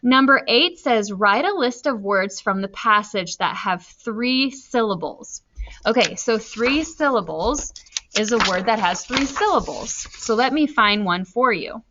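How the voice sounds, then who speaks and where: A woman teacher talking slowly and deliberately through a recorded reading lesson, spelling out her answers as she writes them. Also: fairly high pitch, expressive, bright, forceful tone. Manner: slow, deliberate, spelling out answers while writing. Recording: slightly dull lo-fi recording.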